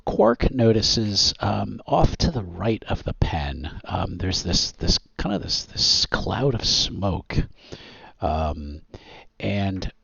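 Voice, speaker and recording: A man narrating a tabletop superhero game as game master, halting with many pauses and fillers. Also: sits low, big pitch swings, vocal fry, fairly bright tone, husky, no echo, dull audio. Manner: halting, many ums and restarts.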